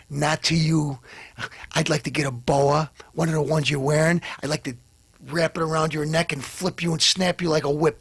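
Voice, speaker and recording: Ranting comedy host guy, pretty high voice, loud then muttering, dry close sound. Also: gravelly, breathy edge, dry recording. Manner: blustery, insulting, swings from shouting to muttering. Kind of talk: ranting comic commentary.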